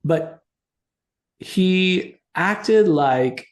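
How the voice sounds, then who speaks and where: A man's voice: sits high, very slow. Man telling a story in an echoey room. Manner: animated, acts out quoted dialogue. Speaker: interview guest. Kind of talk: storytelling in an interview. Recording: roomy echo.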